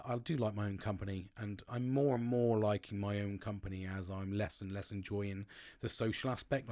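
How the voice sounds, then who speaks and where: Rambling, sweary bloke. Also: male voice, on the low side, a little mellow. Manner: rambling, swears often, says "mate" a lot. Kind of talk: casual monologue.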